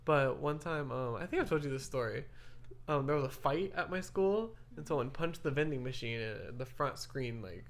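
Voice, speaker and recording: A young woman co-hosting a podcast, telling stories in a casual, animated way, laughing often and acting out what people said. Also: very deep voice, moderate pace. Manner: animated, giggly, acts out quoted voices. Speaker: podcast co-host. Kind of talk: casual storytelling chat.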